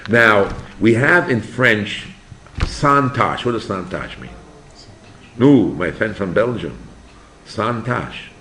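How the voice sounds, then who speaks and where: An older man, a rabbi, giving an animated yeshiva class and asking his students questions. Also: on the low side, slow, faint music behind. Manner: animated, asks the students questions, acts out voices. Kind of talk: yeshiva lecture.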